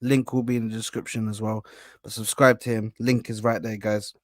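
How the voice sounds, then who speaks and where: A man hosting a live football reaction panel, animated and talking over the others with lots of "bro". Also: on the low side, fairly quick, dry recording, studio quality. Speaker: host of an Arsenal reaction stream. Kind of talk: casual live panel chat.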